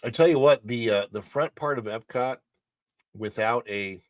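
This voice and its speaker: A man's voice: medium pitch, normal speed, no room sound. A man hosting a casual livestream show from a home studio, chatting loosely and answering viewers in the chat. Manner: chatty, rambling, reads the chat aloud.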